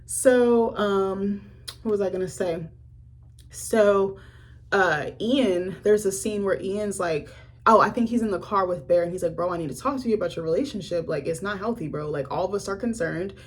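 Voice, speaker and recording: A young woman casually recapping a film she reviewed, animated and profane, with a husky voice. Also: medium pitch, normal speed. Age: young adult. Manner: animated storytelling with profanity and laughter.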